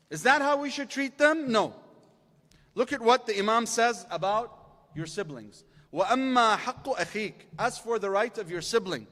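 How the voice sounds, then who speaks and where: A man preaches with a bright, high-set voice that climbs as he counts through his points. He calls the audience in to answer and repeat after him. The sound rings with the long reverb of a large hall. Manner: lively, rising intensity through lists, calls audience responses. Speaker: religious lecturer. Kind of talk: sermon.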